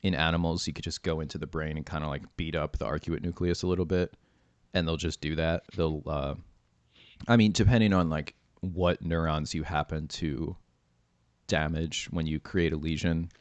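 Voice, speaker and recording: A man's voice: extremely low pitch, fairly even intonation, normal speed, no echo. A man hosting a podcast in casual chat, rambling with many fillers and laughing easily. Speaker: podcast host.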